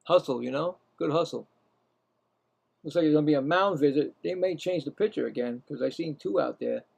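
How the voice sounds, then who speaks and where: High gravelly man calling baseball. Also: a little fast, a little mellow. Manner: rambling, talks to himself, jumps in pitch on calls. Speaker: play-by-play commentator. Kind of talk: casual live baseball play-by-play.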